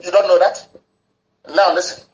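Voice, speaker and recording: A man's voice: high-pitched, flat delivery, moderate pace, roomy sound, highs cut off. A man broadcasting an impassioned political talk on the radio, fervent, and he spells words out letter by letter.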